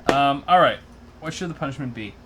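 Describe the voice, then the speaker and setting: A man's voice: mid-range voice, animated, fairly quick, noisy background. A man hosting a casual livestream, loose and swearing through gaming banter. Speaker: host.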